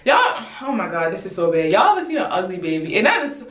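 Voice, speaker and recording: A young woman from Baltimore chatting casually with viewers while she does her hair, animated and blunt, calling them y'all and swearing freely. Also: mid-range voice, quick pace. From Baltimore, USA. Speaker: YouTuber. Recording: roomy echo, distant mic.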